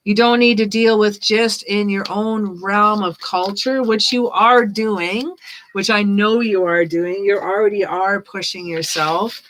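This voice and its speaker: A woman giving tarot readings on a casual live stream, chatting and reading card meanings aloud as she thinks out loud. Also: mid-range voice, slow, low-quality recording. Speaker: tarot reader.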